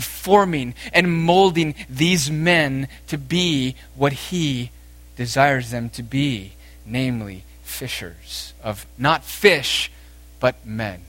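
A male preacher delivering a sermon at an unhurried, deliberate pace. His voice sits in an ordinary middle pitch. He swings between raised, emphatic exhortation and quiet, intense passages. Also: dry recording.

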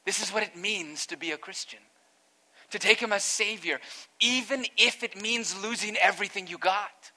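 A man's voice: sits high, normal speed, pushed and bright. A man, a pastor, preaching an earnest expository sermon that rises to emphatic peaks.

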